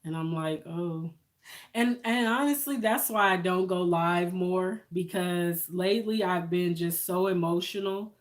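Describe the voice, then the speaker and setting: A woman's voice: on the low side, unhurried. A woman, chatting on a live stream, emotional and thankful, laughing often. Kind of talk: casual live-stream chat with viewers.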